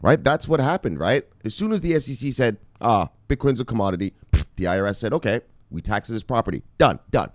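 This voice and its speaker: A man from Canada giving excitable, profane crypto news commentary, repeating himself and calling viewers brothers. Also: mid-range voice, fast talker, few pauses, dry recording.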